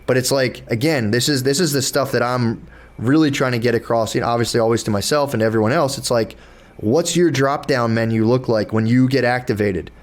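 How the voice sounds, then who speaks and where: A man's voice: mid-range voice, brisk. A young man hosting a podcast, talking loosely with many restarts and curse words, acting out inner thoughts as he explains. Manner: loose, rambling, profane, with frequent restarts and acted-out inner dialogue. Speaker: podcast host. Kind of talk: casual podcast chat.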